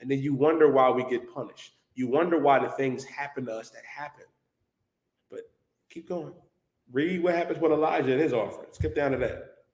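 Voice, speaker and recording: A man leading a religious class, mocking and joking while directing a reader with loud interjections. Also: mid-range voice, moderate pace. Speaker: class instructor. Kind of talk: lively religious class teaching. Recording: echoey room.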